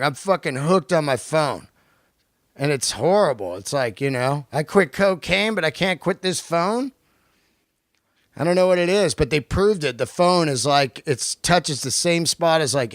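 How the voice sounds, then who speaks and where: A male podcast host delivering a profane, animated comedic rant on his own. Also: fairly high pitch, dry recording, clean studio sound. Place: lives in Los Angeles.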